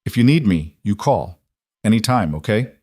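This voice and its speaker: A man's voice: lowish voice, lively intonation, normal speed, darkish tone, no room sound, studio quality. A man voicing an anxious, protective single father who speaks urgently. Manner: urgent, insistent.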